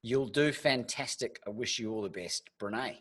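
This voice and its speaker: A man's voice: mid-range voice, normal speed, fairly bright tone, lightly acted. A man putting on a Southern drawl to voice a polite, busy woman author. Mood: gracious. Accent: Southern US drawl, put on.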